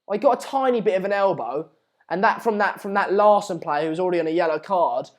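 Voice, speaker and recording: A man's voice: high voice, fast. Chatty man hosting a match stream. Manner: chatty, reads out viewer comments. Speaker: live stream host. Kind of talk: casual live match commentary.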